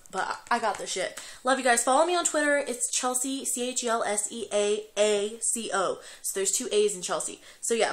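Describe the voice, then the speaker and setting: A young woman vlogging at home late at night. She is tearful and crying as she talks, rambling and swearing freely, halting often with fillers. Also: medium pitch, fairly bright tone. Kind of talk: emotional confessional vlog.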